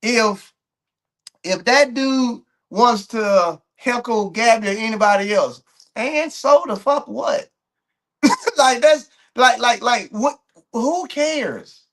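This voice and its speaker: A man's voice: very high-pitched, slow, a bit bright. A man hosting a track and field commentary show, ranting bluntly to his viewers and repeating words as he restarts his points.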